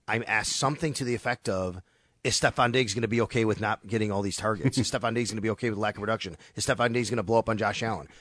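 A man's voice: lowish voice, no echo, clean studio sound. A man hosting a sports radio talk show, telling stories animatedly and acting out the quotes he retells. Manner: animated storytelling, acts out quotes.

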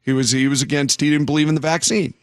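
A male radio host talking through a story in a loose, rambling way, stopping and restarting his sentences. His voice sits a little high for a man, and the studio sound is close and dry. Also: steady tone, fast talker, no room sound. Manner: rambling, self-interrupting storyteller. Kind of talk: morning radio talk.

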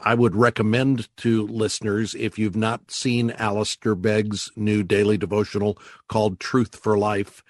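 A man hosting a call-in radio show, talking callers through ideas and slowing down to stress words as he teaches. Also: lowish voice, little pitch movement, no echo, studio quality. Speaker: radio host.

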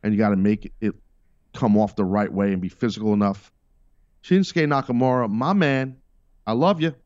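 A man's voice: on the low side, moderate pace, darkish tone, dry recording, highs cut off. A middle-aged man hosting a podcast, giving blunt, emphatic wrestling commentary with profane, sarcastic asides. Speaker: podcast host.

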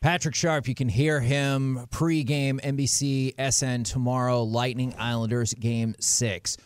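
A man's voice: medium pitch, fairly even intonation, unhurried, smooth, dry recording. A man co-hosting sports radio who teases his guest.

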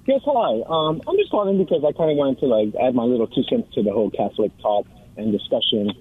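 A man's voice: mid-range voice, lively intonation, fast, slightly rough. A young man calling in to a radio show, hesitant and full of um and like, heard over a muffled phone line. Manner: hesitant, peppered with um and like. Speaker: caller. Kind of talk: call-in radio conversation.

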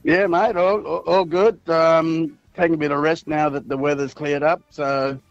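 Male mayor, radio guest, relaxed halting chat, lightly raised pitch, muffled audio. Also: no room sound, faint music behind. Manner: easygoing, says "mate" often, halting phrasing.

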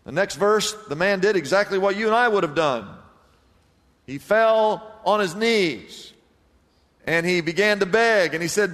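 High-voiced preacher in a reverberant hall. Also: male voice, expressive, moderate pace. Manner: preaching with dramatic swings between loud emphasis and hushed lows. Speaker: pastor. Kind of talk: sermon.

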